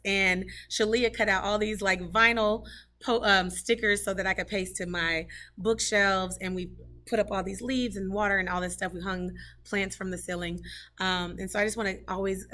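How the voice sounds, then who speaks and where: A woman's voice: medium pitch, pushed and bright. A woman who teaches third grade, giving a heartfelt, rambling tour of her classroom, talking casually with lots of fillers. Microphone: camera she carries while touring.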